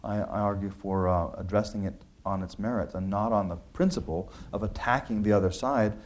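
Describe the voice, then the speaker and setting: Speaking briskly in a lowish voice, with slight background noise, this author discusses his book. He's earnest and conversational, with frequent restarts and fillers.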